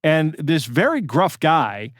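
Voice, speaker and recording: Dry-sounding, slightly high-voiced man chatting. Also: big pitch swings, slow pace, dry recording. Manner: rambling, many restarts and fillers. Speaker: podcast co-host. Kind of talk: casual storytelling chat.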